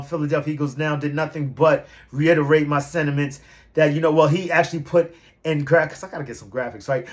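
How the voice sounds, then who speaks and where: A young man vlogging about his team in a loose, slangy ramble. His voice runs a little higher than most men's. Every so often he breaks into loud, hyped-up shouts before settling back into easy chatter. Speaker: sports fan vlogger. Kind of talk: casual fan commentary.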